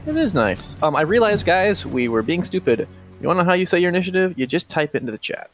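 A man's voice: high voice, big pitch swings, fast, soft background music. A man playing a tabletop game, chatting casually and laughing easily. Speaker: player.

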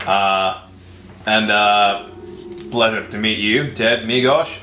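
Man, tabletop player, hesitant, bright forceful tone, roomy echo. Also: fairly low pitch. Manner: hesitant, halting. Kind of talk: in-character chat in a tabletop game. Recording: roomy echo with faint noise.

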